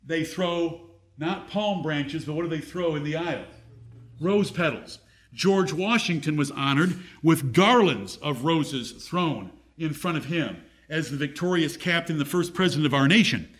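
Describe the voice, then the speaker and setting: Preaching a Bible-teaching sermon, this man from the United States reads passages in a raised, declaiming voice and quizzes the audience. His slightly high, fairly bright voice has lively intonation at a measured pace.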